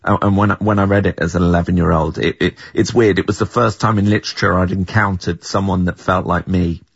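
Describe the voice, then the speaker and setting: A man's voice: low voice, steady tone, fairly quick, gravelly, breathy edge, dry recording. A middle-aged man, the creator and writer of a series, answers interview questions thoughtfully, often restarting his sentences. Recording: dull, dry, lo-fi sound.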